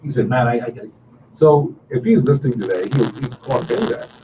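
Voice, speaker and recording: Middle-aged man, radio call-in host, folksy and repetitive, lively pitch, distant dull recording with hiss. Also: fairly quick. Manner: animated, repetitive, folksy storytelling. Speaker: radio talk show host. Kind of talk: casual call-in radio talk.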